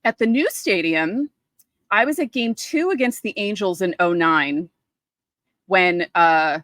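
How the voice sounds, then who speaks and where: A woman, co-hosting a podcast and chatting casually, telling lively stories and acting out quotes. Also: medium pitch, measured pace, no echo. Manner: animated storyteller, acts out quotes. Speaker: podcast co-host. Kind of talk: casual chat.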